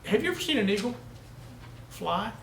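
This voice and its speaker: A man's voice: very high-pitched, big pitch swings, normal speed, gravelly, a bit bright, reverberant, a little hiss or hum, low-quality recording. A male pastor preaching a sermon, telling down-home country stories and building to emphatic peaks. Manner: folksy storytelling preacher, rising to emphatic peaks.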